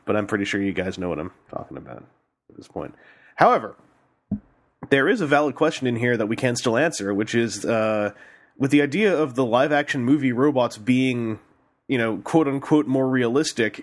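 A man's voice: mid-range voice, moderate pace. A man hosting a casual podcast, jokey and playful as he reads listener questions aloud. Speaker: podcast host.

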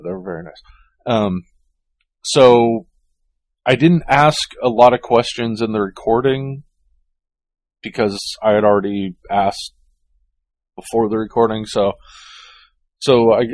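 A man's voice: lowish voice, animated, moderate pace, pauses often, a little mellow, no room sound. A man co-hosting a casual chat, hesitant and full of restarts. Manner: hesitant, many ums and restarts. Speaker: podcast co-host.

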